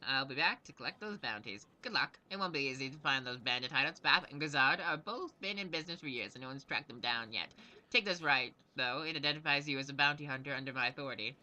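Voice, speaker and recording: A man's voice: mid-range voice, expressive, quick pace, sharp tone. A man reading the lines of a boastful, impatient gnome knight commander with a brash manner.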